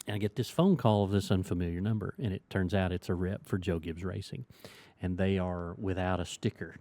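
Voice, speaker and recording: A man's voice: low-pitched, brisk, no room sound. A middle-aged man hosting a casual chat, telling a long story and acting out the voices of the people in it. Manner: lively storyteller who acts out quoted voices. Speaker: podcast host and sticker shop owner.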